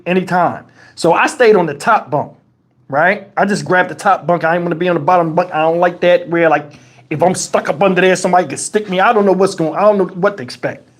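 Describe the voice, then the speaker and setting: A man hosting a livestream, telling a story in a casual, profane and colloquial way on a lapel mic. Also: sits high. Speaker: channel host. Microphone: wireless lapel mic.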